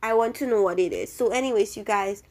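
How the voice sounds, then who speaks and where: A woman's voice: mid-range voice, fast talker. A young woman hosting a casual vlog and ranting with exasperated opinions about a reality show. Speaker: reality TV reviewer.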